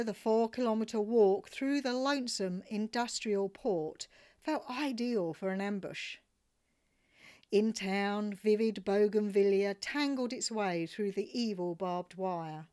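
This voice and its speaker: A woman reads her travel memoir aloud in a wry, expressive way. She takes her time, with a mid-range voice and an unhurried delivery. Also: medium pitch, smooth. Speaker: narrator.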